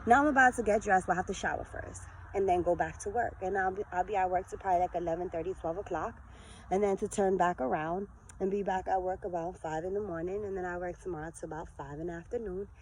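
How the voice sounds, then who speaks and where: A woman in her forties giving an earnest, lively motivational talk to her followers in a vlog. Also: fairly low pitch, fast talker, slight background noise, low-quality recording. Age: 40s. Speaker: vlogger.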